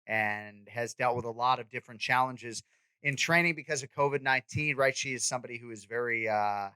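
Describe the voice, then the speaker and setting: A man in his forties hosts a sports podcast. His voice is bright and forward, and he talks in a quick, animated way. The sound is dry and close to the mic. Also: mid-range voice, clear, resonant tone, no echo. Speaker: podcast host and MMA commentator. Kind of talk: casual sports chat.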